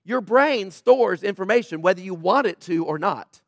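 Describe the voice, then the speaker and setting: A middle-aged man delivers a sermon in a chatty, sarcastic tone, slipping into quiet asides. His voice sits high for a man. The sound is close and dry, with no room around it. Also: animated, normal speed, dry recording. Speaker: pastor.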